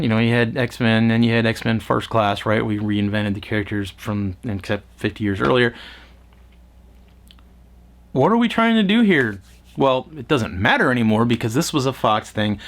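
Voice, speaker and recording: Speaking at normal speed in a sing-song, mid-range voice, a man reviews a film in casual, rambling talk. He's sarcastic and profane, tossing in exasperated asides and imitating quoted voices mockingly.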